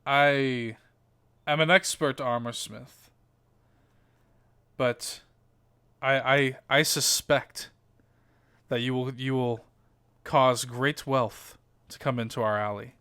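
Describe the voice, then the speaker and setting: Serene water genasi armorsmith played by a man, slow and soothing, bright clear tone. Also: mid-range voice, steady tone, no echo, full character voice. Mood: calm.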